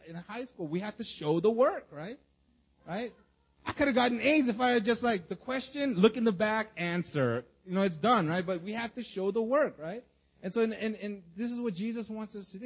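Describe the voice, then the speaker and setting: A man's voice: high voice, darkish tone, slightly rough. A man preaching a casual sermon, talking conversationally with many fillers and frequent "right?" checks to the congregation. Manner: filler-heavy, conversational, asks "right?" often. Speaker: pastor. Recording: dull lo-fi sound.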